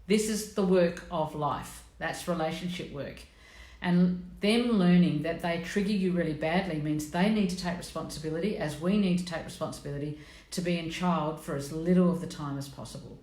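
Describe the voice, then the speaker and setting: Middle-aged female host, deep voice, casual and frank, live stream from an echoey room. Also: moderate pace, a little mellow. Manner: chatty, blunt and self-mocking, greets viewers by name.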